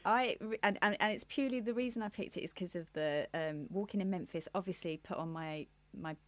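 A woman's voice: fairly low pitch, brisk, fairly bright tone, no echo. A woman co-hosting a podcast, chatting casually about music with lots of laughs and enthusiasm. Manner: giggly, enthusiastic, rambling. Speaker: podcast co-host.

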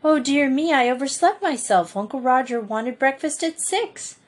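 This is a bossy young girl from a storybook, brisk and scolding as she takes charge of the baking, voiced by a woman reading aloud. She speaks quickly and with a slightly raised voice. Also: high voice, animated, slightly rough, voice pushed up. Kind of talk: audiobook reading.

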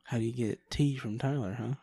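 A man's voice: mid-range voice, brisk, gravelly, warm tone, breathy edge. A man co-hosting a casual movie podcast, trading teasing, playful banter. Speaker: podcast co-host.

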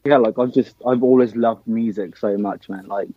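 A man's voice: fairly low pitch, moderate pace, slightly rough, dry recording, muffled recording. A young man from Nigeria, a band's drummer, chatting casually in an interview and often saying "um" and "man". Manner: relaxed, filler-heavy, says man and dude. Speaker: band drummer.

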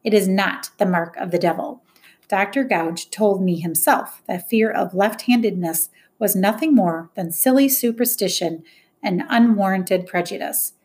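A woman voicing a firm, educated woman guardian who speaks with crisp, commanding diction. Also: mid-range voice, measured pace, darkish tone, lightly acted. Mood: stern. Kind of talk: audiobook character voice.

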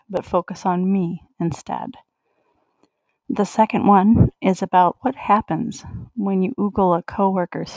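A woman with a mid-pitched, dry and close voice, recorded with almost no room sound. She speaks in a commanding, teasing way and now and then sinks into a soft whisper as she reads her scripted mantra. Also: vocal fry, no echo, poor audio. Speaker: adult audio creator.

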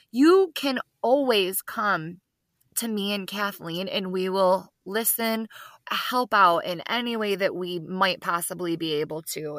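A woman's voice: medium pitch, bright, forceful tone, dry recording. A woman co-hosting a podcast, chatting in an effusive, upbeat way with her friend. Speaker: podcast co-host. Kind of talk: casual podcast chat.

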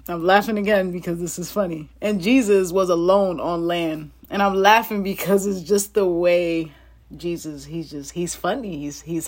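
A woman's voice: lowish voice, normal speed. A woman reading Bible passages aloud and breaking off into chatty asides to her listeners, often laughing as she goes. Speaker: Bible teacher. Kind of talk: casual Bible reading with commentary.

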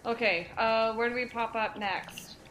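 A woman's voice: fairly high pitch, fairly even intonation, unhurried, fairly bright tone. A woman playing in a tabletop game, chatting casually. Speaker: player. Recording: echoey room, faint noise.

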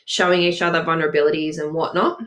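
A woman's voice: deep voice, flat delivery, fast talker, a bit bright. A woman in casual chat as a podcast co-host, gushing and giggling often.

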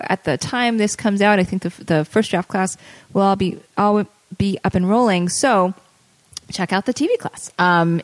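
A woman's voice: medium pitch, no room sound. A woman hosting a podcast about screenwriting, chatting in an upbeat way with fillers and laughs. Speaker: podcast host and script consultant. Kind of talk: casual chat.

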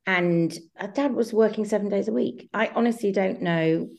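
A middle-aged woman from England, a guest who talks warmly and reflectively in an interview, hesitating with ums and restarts. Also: medium pitch, moderate pace, gravelly.

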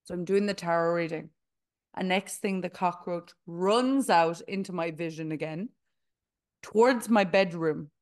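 A woman's voice: lowish voice, measured pace, darkish tone. A young woman co-hosting a podcast, telling a story in casual chat with lots of swearing. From Ireland. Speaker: podcast co-host.

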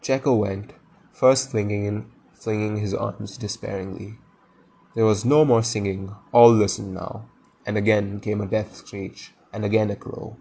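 A man reading a classic story aloud with animated delivery, pausing for brief casual asides. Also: on the low side, creaky, breathy edge, low-quality recording. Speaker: reader.

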